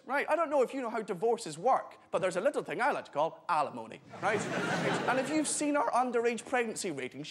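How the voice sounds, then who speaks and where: A man's voice: high voice, background noise. A Scottish man giving a brash, mocking comic speech on a panel show. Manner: brash, mocking, punchy delivery. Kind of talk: stand-up style debate speech.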